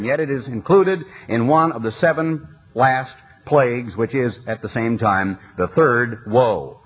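A man's voice: mid-range voice, fairly bright tone, breathy edge, rough recording. A man preaching an impassioned sermon in a large arena, reading scripture aloud and building lists in a rising cadence.

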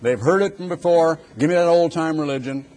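An older man preaching a dramatic sermon, building forceful rhetorical lists. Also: a little high, fairly quick.

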